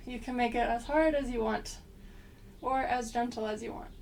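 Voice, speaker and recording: A woman with a slight cold guiding an exercise class, giving gentle, unhurried cues with frequent pauses. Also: a little high, steady tone, recorded from a distance, a little hiss or hum. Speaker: movement instructor.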